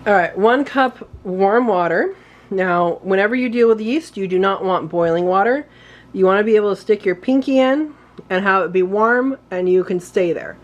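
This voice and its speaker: A woman's voice: mid-range voice, normal speed, lo-fi sound. A woman hosting a home cooking video, chatting casually as she works through a recipe, with hiccups that she keeps apologizing for. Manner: chatty, talks while working, apologizes for hiccups. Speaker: home cooking channel host.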